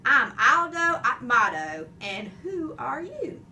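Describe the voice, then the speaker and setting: A woman voicing a jolly mustached male night janitor who booms, jokes and roars with laughter. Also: big pitch swings, takes it slowly, pushed and bright, far from the mic, slight background noise, full character voice. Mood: booming jokey. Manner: booming, jokey, big roaring laugh.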